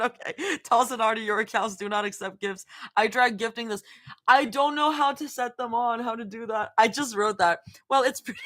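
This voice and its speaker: A woman with a fairly high, fairly bright voice reads fan fiction on a livestream at a quick clip. She giggles a lot, pausing between lines to laugh and respond to chat.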